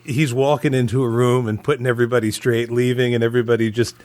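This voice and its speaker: A man's voice: mid-range voice, little pitch movement, fast, darkish tone. A man as a podcast guest in a casual review chat, reflective and chuckling often as he talks.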